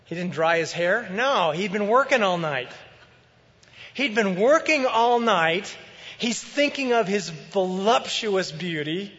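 A man preaching a sermon as pastor, in a conversational, animated way. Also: high voice, measured pace, big-room sound, dull audio.

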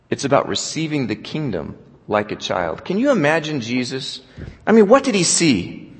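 A man preaching a sermon, telling stories with animation and dropping to a quiet voice for scripture. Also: mid-range voice. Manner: storytelling, animated, drops to quiet for quoted scripture. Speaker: pastor. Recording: long hall reverb.

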